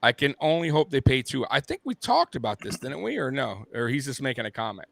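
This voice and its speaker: A man's voice: medium pitch, very animated, a little fast, creaky, a bit bright, no echo. A man hosting a sports show, ranting bluntly and with heavy profanity, like a fired-up fan. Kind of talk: casual sports rant.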